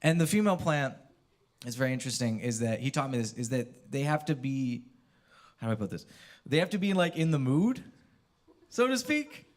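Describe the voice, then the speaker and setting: A young man from California doing a stand-up comedy set on a university theater stage, telling loose, profane stories and breaking into shouted impressions. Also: mid-range voice, sing-song, moderate pace, long pauses.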